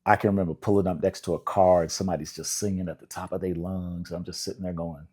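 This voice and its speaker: A deep, mellow-voiced older man from Indianapolis talks through his songwriting career in an easygoing storytelling way. He laughs often and slips into quoted voices when retelling conversations. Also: level tone, quick pace, husky. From Indianapolis, USA. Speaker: songwriter guest. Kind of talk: relaxed storytelling interview.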